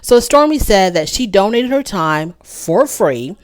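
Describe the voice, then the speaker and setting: A woman hosting her own channel and recapping a reality show in a casual, opinionated way. She is animated and repeats her points for emphasis. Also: medium pitch, a little slow, no room sound, clean studio sound.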